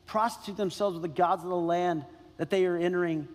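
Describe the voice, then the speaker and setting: A man's voice: high voice, steady tone, a little fast. A man preaching a sermon as pastor, emphatic, repeating key phrases and questioning the congregation. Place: church sanctuary. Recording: long reverb in a large hall.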